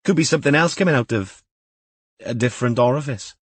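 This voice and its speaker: A man's voice: mid-range voice, fast talker, slightly rough, dry recording, voice pushed up, close to an everyday voice. A man voicing an eager, jokey young detective constable. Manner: eager, upbeat, joking.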